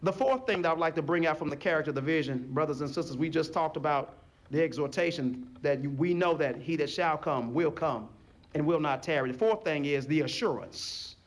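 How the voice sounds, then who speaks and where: A man with a slightly high voice speaks fairly quickly. He is a pastor delivering a sermon in a church sanctuary, animatedly acting out small scenes in different voices and drawing the congregation into call-and-response.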